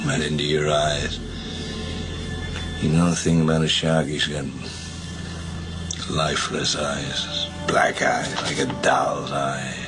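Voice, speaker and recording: A raspy old sea captain. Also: male voice, monotone, takes it slowly, pauses often. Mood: grim. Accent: British. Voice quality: low raspy voice, drags his words. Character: grizzled old male sea captain, haunted and grim. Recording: film clip with music underneath.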